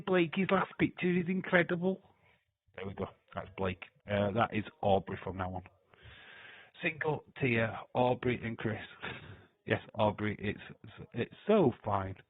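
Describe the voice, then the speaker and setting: On a live watch-along stream, the male host reads chat aloud, cracks jokes, teases and laughs a lot. His voice sits on the low side and is expressive at an ordinary speed. The sound is dry, phone-like and lo-fi, with no room sound.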